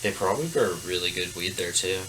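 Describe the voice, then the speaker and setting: A man's voice: low-pitched, expressive, a little fast, pushed and bright, rough recording. A young man as a podcast guest, chatting hesitantly with many fillers. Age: young adult. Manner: hesitant, lots of fillers and restarts. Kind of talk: casual chat. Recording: faint background noise.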